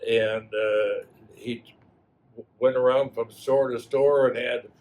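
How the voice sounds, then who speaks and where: A man in his eighties from Wisconsin, a school alumnus, telling old stories in a halting way full of fillers. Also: medium pitch, steady tone, a little mellow, poor audio. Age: 80s. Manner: halting, many fillers and restarts. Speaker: alumnus guest. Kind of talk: reminiscing storytelling.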